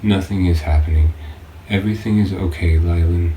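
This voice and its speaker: A man reading an audiobook, voicing a devoted male giant in a low, soothing, steady voice. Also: normal speed, slight background noise, close to an everyday voice. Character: grieving, devoted male giant, gentle and calm. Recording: roomy distant-mic home recording.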